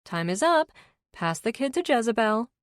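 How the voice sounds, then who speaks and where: A woman's voice: a little high, sing-song, normal speed, dry recording, studio quality, pitched above the performer's own voice. A woman narrator voicing a worn-out, blunt, teasing new mother in an audiobook.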